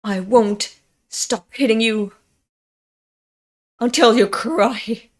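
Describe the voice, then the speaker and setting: Fierce young male hero, taunting and loud, voiced by a woman reading a comic. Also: fairly high pitch, very slow. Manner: taunting, raised voice.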